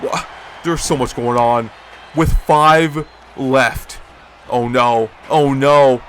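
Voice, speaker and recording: Speaking slowly over a faint hiss or hum, a young man calls a video game wrestling league with excited play-by-play. He shouts in a high voice at big moves and chats with viewers between them.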